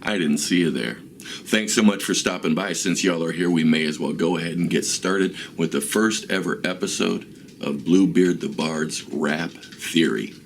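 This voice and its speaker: A man explains rap rhythm in a relaxed, casual lesson, often pausing with ums and uhs. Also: sits low, creaky, a little hiss or hum. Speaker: rap teacher and host. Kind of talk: casual instructional talk.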